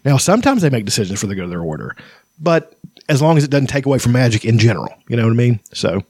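Man, casual book discussion host, chatty, frequent laughs, restarts, middle pitch, dry close sound. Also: sing-song, rapid-fire, a little mellow, breathy edge, no room sound. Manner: chatty, laughs often, many fillers and restarts. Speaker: podcast host. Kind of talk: casual book discussion with read-aloud passages.

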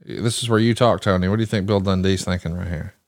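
With a low, steady voice and a quick pace, a man from the American South hosts a casual podcast chat. He tells listeners old stories in an enthusiastic, informative way. The audio is clean studio sound without echo.

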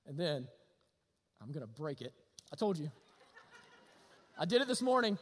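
A man preaching a sermon, animated, swinging from loud to hushed. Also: a little high, fast, long pauses. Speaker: pastor. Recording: long reverb of a hall.

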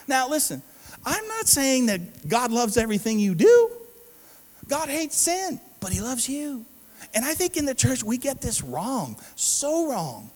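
A man's voice: very high voice, huge pitch swings, measured pace, in a large hall, rough recording. A man preaching a sermon, emphatic and calling out to the congregation. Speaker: pastor.

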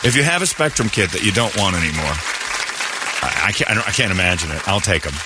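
A man's voice: low voice, animated, fast talker, a loud crowd, very noisy. A man hosting a morning radio show, chatting casually and acting out quotes in raised voices as he tells a story.

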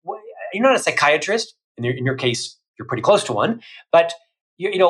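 A middle-aged man, a guest on a podcast, talking loudly and emphatically in energetic bursts of lists. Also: on the high side, brisk, rough recording. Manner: loud, emphatic, listing in bursts. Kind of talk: energetic interview talk.

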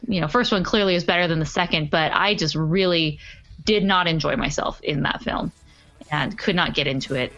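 A woman's voice: lowish voice, a bit bright. A woman hosting a podcast, chatting casually and upbeat with plenty of fillers. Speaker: podcast host.

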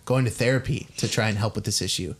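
A man voicing a composed woman who speaks in a soft, calming but firm way. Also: on the low side, fast, close to an everyday voice. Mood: protective. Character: composed woman shielding her partner.

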